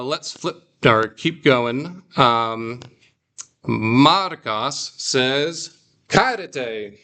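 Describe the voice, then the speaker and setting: A man teaching a classroom, drawing out phrases slowly for the class to repeat. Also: mid-range voice, pushed and bright. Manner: slow, drawn-out model phrases for repeating. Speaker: Greek teacher.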